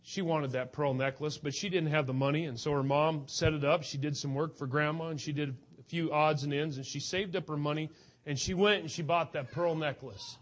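Male preacher, earnest and emotional, voice a little high, urging his listeners. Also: fairly even intonation, fairly quick. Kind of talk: sermon.

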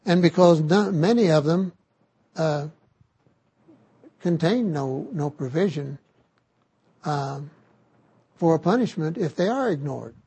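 An older man giving a sermon on scripture, slow and halting with frequent restarts. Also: on the high side, animated, warm tone, slightly rough, no room sound. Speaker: scripture teacher.

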